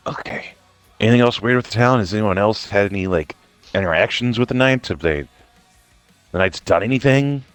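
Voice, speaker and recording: A man's voice: fairly low pitch, brisk, no room sound, soft background music. A man playing in a tabletop game over a voice call, joking and cursing as he talks in character. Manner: animated, profane, jokey in-character quips. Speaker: player. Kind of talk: casual tabletop role-play chat.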